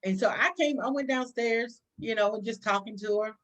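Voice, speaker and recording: Middle-aged woman, police chief guest on a talk show, kinda high voice, tells her story lively, restarts a lot. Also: moderate pace. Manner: animated storyteller, acts out dialogue, frequent restarts. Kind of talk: telling a career story in a talk show interview.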